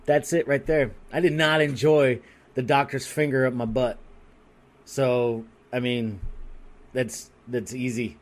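A man telling a story on a podcast in a crude, rambling and animated way, restarting his sentences often. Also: medium pitch, a little slow. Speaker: podcast co-host. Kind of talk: casual comedic storytelling.

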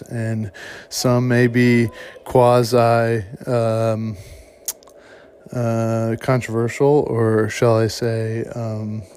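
A man's voice: medium pitch, a little mellow, slight background noise. A middle-aged man hosting a podcast in loose, rambling casual chat with lots of fillers. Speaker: podcast host.

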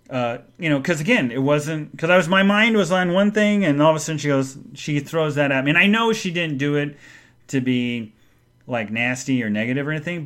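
A middle-aged man hosting a podcast, telling a personal story in a halting, rambling way and often going quiet and emotional. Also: fairly high pitch. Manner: rambling, halting, full of restarts. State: emotional, subdued when speaking of his mother. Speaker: podcast host.

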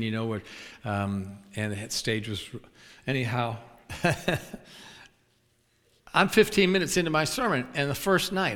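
A man preaching a sermon, telling humorous stories and acting out scenes, with chuckles along the way. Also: medium pitch. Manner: animated, acts out scenes and chuckles at his own stories. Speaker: traveling preacher. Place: large church sanctuary. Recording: long reverb of a large church.

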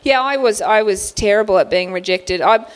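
A woman's voice: medium pitch, moderate pace. Chatty woman telling funny stories. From Australia. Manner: chatty, laughing, animated anecdotes. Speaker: author guest. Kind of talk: casual storytelling on a panel.

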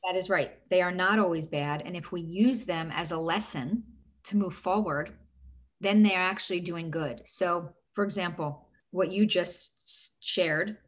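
Her voice is on the low side and a little slow. An earnest middle-aged coach in a casual conversation, she lays out her advice step by step, framing it with a series of rhetorical questions.

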